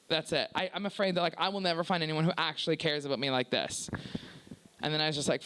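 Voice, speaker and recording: A woman's voice: low voice, fast talker, a bit bright. A young woman doing a stand-up comedy set, confessional and profane, full of "like" fillers and acted-out quotes. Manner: acts out quoted people in shifted voices.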